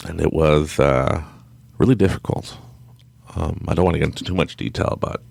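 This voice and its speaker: A man telling a story in a casual, animated way, laughing often and acting out his own thoughts in different voices. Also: very deep voice, normal speed, creaky, no echo. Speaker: podcast guest.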